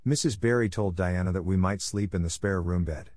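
A man's voice: low voice, fairly quick, a little mellow, no room sound, studio quality, natural voice. A man voicing an eager, chatty, imaginative young girl who gushes and pleads breathlessly. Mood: pleading.

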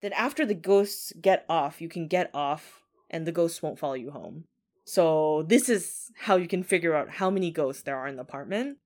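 A woman's voice: low voice, expressive, moderate pace, a little mellow. A woman telling a ghost story in a casual, chatty way, often saying 'like'.

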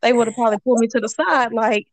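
A woman's voice: a little high, racing, no echo. Laughing woman telling work stories. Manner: laughing storyteller, Southern US slang. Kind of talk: casual chat.

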